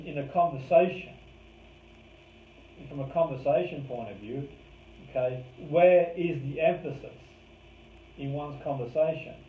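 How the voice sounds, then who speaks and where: Male trainer, casual lecture delivery, punches key words; faint hiss in the background. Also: medium pitch. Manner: conversational, stresses words to make points. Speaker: course trainer. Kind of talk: live course lecture. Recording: roomy, distant, phone-like lo-fi with faint hiss.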